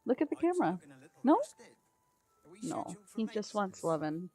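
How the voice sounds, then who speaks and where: A woman's voice: medium pitch, sing-song, a little slow, darkish tone, soft background music. A woman streaming a cozy game, chatting casually, often squealing and laughing. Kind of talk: casual gaming stream chat.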